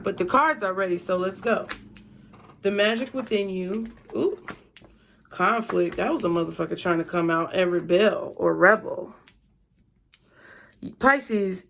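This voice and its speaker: A woman's voice: mid-range voice, slight background noise. A woman giving a casual tarot reading, chatty and blunt, with frequent swearing. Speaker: tarot reader.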